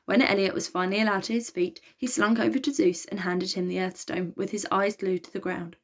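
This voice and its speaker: A woman reading a children's novel aloud, in a lively, expressive way. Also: mid-range voice, brisk. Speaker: storybook reader.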